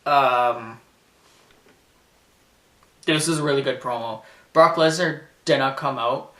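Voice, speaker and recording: A man chats loosely on his vlog and laughs often, circling back through his sentences. His voice is bright and a little off-mic, and a roomy echo surrounds it. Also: medium pitch, takes it slowly, distant mic. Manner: rambling, laughs often, many fillers and restarts. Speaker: vlogger recapping a wrestling show. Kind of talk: casual chat.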